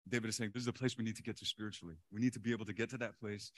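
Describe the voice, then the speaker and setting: A male pastor preaching a sermon in an animated way, chuckling often and repeating words for emphasis. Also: on the low side, racing.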